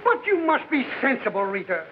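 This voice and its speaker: A flustered pleading executive. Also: male voice, very high voice, huge pitch swings, brisk, heavily acted. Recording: tinny 1940s film soundtrack with hiss.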